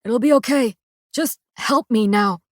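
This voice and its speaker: A woman voicing a gentle dying young man. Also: on the high side, unhurried, dry recording, clean studio sound. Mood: tender. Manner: soft, quiet, steady reassurance.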